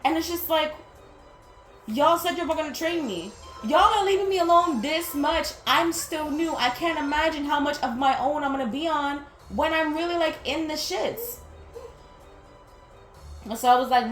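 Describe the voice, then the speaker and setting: Young woman, high-pitched, candid storytime rant with plenty of cursing; roomy echo, faint music underneath. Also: moderate pace, fairly bright tone. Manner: candid and exasperated, swears freely, stumbles and restarts. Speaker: vlogger.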